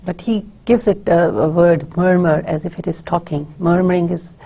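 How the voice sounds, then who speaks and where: A woman delivers a recorded university literature lecture in a low voice with a gravelly, slightly husky texture and a dark, mellow tone. Her delivery is measured and explanatory, broken up by frequent filler words. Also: fairly even intonation. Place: recording for an online course.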